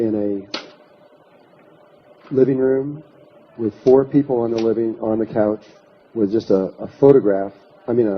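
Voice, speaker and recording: Here a workshop speaker with a mid-range male voice spins a long anecdote, performing what people said and restarting many times. It's a storytelling lecture, recorded in dull lo-fi quality with slight background noise.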